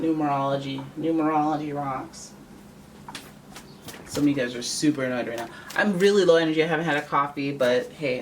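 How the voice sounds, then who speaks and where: A tarot reader from Canada, giving a casual, joking reading to camera and thinking aloud. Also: mid-range voice. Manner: chatty, joking, thinks aloud and corrects itself. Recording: voice a little far from the mic, faint background noise.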